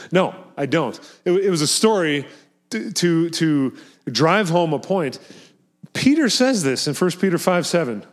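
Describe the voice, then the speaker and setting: Man, pastor, sermon, earnest, emphatic, repeats himself, slightly high voice. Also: expressive, a little slow.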